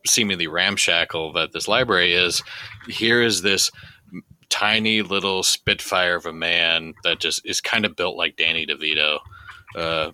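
A man playing a tabletop game, describing a scene in a rambling, halting way. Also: sits low, steady tone, sharp tone. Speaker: player.

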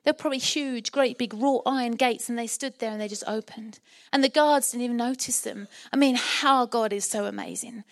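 A woman's voice: fairly high pitch, moderate pace, gravelly, no echo, clean studio sound. A middle-aged woman from England preaching a sermon as pastor, impassioned and rousing, acting out the voices in her story.

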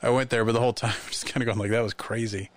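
A man in casual podcast chat, telling lively anecdotes and acting out the voices of people in them. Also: mid-range voice, very fast, crowd noise. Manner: animated anecdotes, acts out quoted voices. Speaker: podcast guest.

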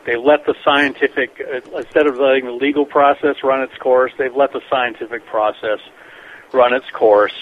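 A man being interviewed as a scientist guest on a radio show, telling stories in a rambling, animated way with many restarts. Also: medium pitch, normal speed. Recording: dull lo-fi radio broadcast with faint noise.

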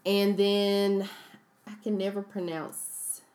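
A woman co-hosting a relaxed podcast. She chats casually, running through recommendations with a friendly, rambling flow and frequent "um"s. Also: mid-range voice, slow. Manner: chatty, recommends businesses with frequent fillers. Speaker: podcast co-host. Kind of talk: casual chat.

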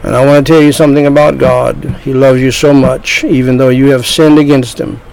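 A man preaching an evangelistic sermon, slow and deliberate, drawing out his phrases. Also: medium pitch, level tone, vocal fry, a little mellow, low-quality recording.

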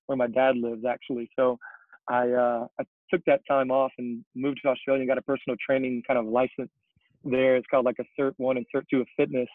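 A young man talks loosely on a podcast, rambling with plenty of fillers. His voice is of middling pitch and comes through a tinny, phone-like remote line. The sound is dry, with no room around it. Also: level tone, a little fast, no room sound. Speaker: podcast guest, CrossFit coach. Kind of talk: casual podcast chat.

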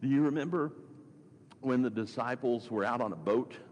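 A man giving a conversational sermon, repeating phrases for emphasis and swinging between loud and hushed delivery. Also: medium pitch, moderate pace. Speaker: pastor. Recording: long reverb, faint background noise.

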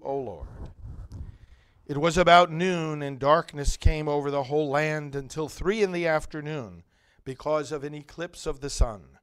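A male priest giving liturgical readings and a homily in a measured, solemn way with long pauses. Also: a little high.

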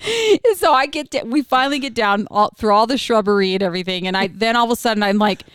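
A woman's voice: on the high side, expressive, quick pace, a bit bright, clean tone, no room sound, studio quality. A woman in her thirties, a mom telling a chaotic travel story in casual chat, swearing freely and laughing as she goes.

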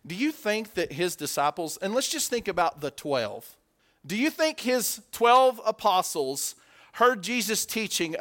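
A man with a slightly high voice preaches a conversational sermon. He poses questions to his listeners and acts out quotes, sinking into hushed asides before climbing to loud, emphatic peaks.

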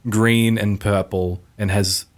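A man's voice: on the low side, fairly even intonation, slow pace. A man co-hosting a comedy podcast, making crude jokes in a blunt, matter-of-fact way. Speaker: podcast co-host.

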